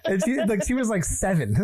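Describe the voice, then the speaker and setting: A man's voice: high-pitched, a little mellow, slightly rough, dry recording. A man co-hosting a casual podcast, telling rambling stories and laughing often. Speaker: podcast co-host. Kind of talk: casual chat.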